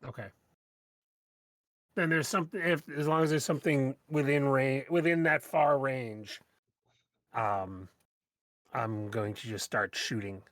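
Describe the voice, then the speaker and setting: A man playing a tabletop game, calm and thoughtful, planning his moves out loud. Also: medium pitch, measured pace, pauses often, no room sound, studio quality. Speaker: player.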